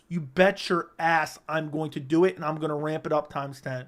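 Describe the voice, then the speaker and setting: A young man hosts a casual livestream, telling stories animatedly, swearing frequently, and tossing in "right?" asides. His voice is on the high side at normal speed.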